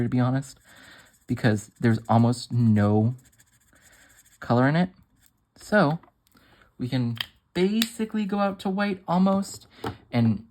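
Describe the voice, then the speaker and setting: A man's voice: mid-range voice, a little mellow, slight background noise. A playful man walks through a crafting demo in a loose, chatty way. He makes joking asides as he works. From Massachusetts. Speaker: craft demonstrator on a design team. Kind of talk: casual crafting tutorial.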